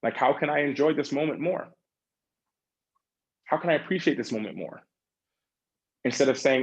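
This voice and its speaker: A man's voice: medium pitch, normal speed, pauses often, slightly rough, lo-fi sound. A man leading a group coaching session over a video call, talking in a loose, chatty way with many fillers and acting out the questions people ask themselves. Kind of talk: casual motivational coaching talk.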